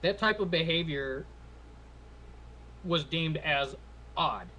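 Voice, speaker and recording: A man with a slightly raised pitch lays out his view in a steady, explaining way on a casual podcast. Faint background hiss runs beneath him. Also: takes it slowly, rough recording. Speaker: podcast co-host. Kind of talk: casual opinion chat.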